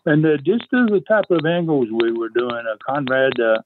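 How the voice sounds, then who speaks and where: An older man telling wrestling-era stories as a podcast guest, rambling and halting, with chuckles and fillers. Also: mid-range voice, sing-song. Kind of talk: casual storytelling. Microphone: phone call. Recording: tinny phone line with faint hiss.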